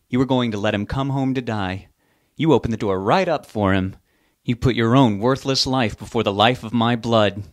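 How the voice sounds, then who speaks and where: A man voicing a menacing, mocking middle-aged father who holds a gun, with a loud, taunting delivery. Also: medium pitch, dry recording, studio quality, close to an everyday voice.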